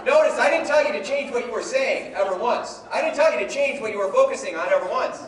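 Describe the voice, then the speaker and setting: A man with a Midwestern American accent giving a humorous, animated motivational talk to a live audience. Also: very high voice, quick pace. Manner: humorous and animated, with playful voices. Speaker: motivational speaker. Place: large event hall with a live audience. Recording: echoey hall recorded from far off. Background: audience laughter and room ambience.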